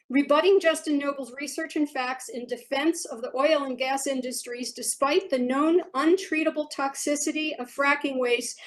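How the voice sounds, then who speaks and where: Older woman, high voice, public commenter, earnest, deliberate reading, remote call. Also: rough recording.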